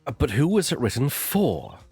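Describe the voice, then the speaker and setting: A man voicing a poised, formal male prosecutor in a fan voice-over of a game, speaking in a measured, dry way. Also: mid-range voice, big pitch swings, darkish tone, slightly rough, no echo.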